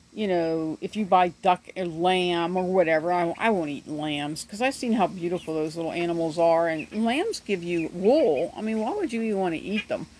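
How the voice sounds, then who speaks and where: A woman's voice: fairly low pitch, darkish tone. A middle-aged woman chatting in a rambling, casual way while filming her ducklings outdoors on a handheld phone, often laughing as she talks. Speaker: homesteader vlogger. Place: outdoors in a yard by animal pens. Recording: faint outdoor noise with birds. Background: ducklings chirping and outdoor ambience.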